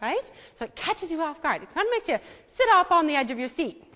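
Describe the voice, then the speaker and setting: A woman's voice: high-pitched, sing-song, a little fast, fairly bright tone. A woman leading a church music lesson, coaxing and demonstrative as she teaches a group to sing psalms. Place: church hall. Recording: echoey hall with faint singing behind.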